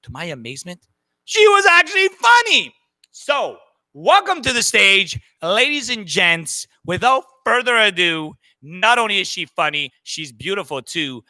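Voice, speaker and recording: A man's voice: sits high, sing-song, measured pace, sharp tone, no echo. A man hosting a comedy segment, introducing a comedian with playful, rambling patter. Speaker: host. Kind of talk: hyped show hosting.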